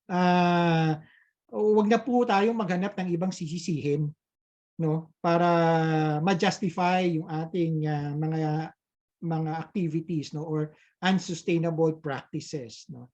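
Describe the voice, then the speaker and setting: A man's voice: fairly high pitch, steady tone, unhurried, darkish tone, dull audio. A Filipino man, an engineer and invited expert, answering questions in a webinar, hesitant with many fillers and a habitual questioning "no?". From Philippines. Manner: hesitant, frequent "uh" and tag "no?". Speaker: resource speaker, engineer. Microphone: video call.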